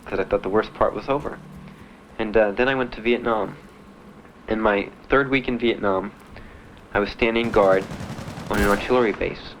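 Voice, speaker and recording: Poor audio with a little hiss or hum carries the fairly low voice of a young American man from Miami. A veteran, he recounts his own story as candid spoken testimony, plainly and bluntly, with dry laughs mixed in.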